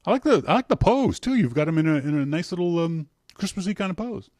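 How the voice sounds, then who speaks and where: A man's voice: high voice, animated, fast talker, darkish tone, no echo. Middle-aged male host, loose and joking, voice swinging up and down, dry close-mic sound. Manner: chatty and teasing, laughs often, many restarts. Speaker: podcast host. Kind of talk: casual call-in show, reading listener emails.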